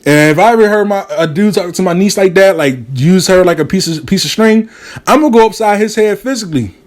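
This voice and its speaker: A man telling a story casually, animated and profane, acting out the people he quotes. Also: high voice, a little fast.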